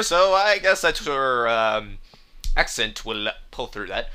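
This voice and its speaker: A man's voice: medium pitch, sing-song, takes it slowly, pushed and bright, clear, resonant tone. A young man giving casual game commentary, with sarcastic and exasperated remarks. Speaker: let's play commentator. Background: faint game music.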